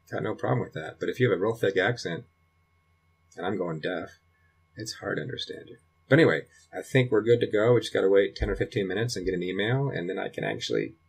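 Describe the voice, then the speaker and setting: A middle-aged man with a low, husky voice talks through a screen tutorial at home. He thinks aloud as he clicks and rambles along with plenty of restarts. The delivery is loose and conversational. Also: expressive, quick pace. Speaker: dad recording a computer tutorial. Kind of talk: casual screen-recording walkthrough. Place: home in Colorado.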